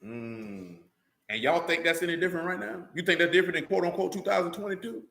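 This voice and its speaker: A man's voice: sits high, lively intonation, quick pace, vocal fry, fairly bright tone, roomy sound. A man preaching a sermon in a blunt, colloquial way, full of rhetorical questions.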